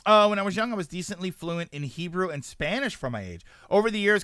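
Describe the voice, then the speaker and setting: A man's voice: a little high, animated, brisk, hardly any pauses, sharp tone, no room sound, studio quality. A man streaming live, chatting casually and rambling as he answers his chat and corrects himself often.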